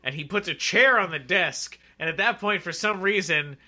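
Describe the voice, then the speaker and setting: A man co-hosting a casual podcast chat, recapping a TV episode in a rambling, animated way full of fillers and restarts. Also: sits high, moderate pace. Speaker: podcast co-host.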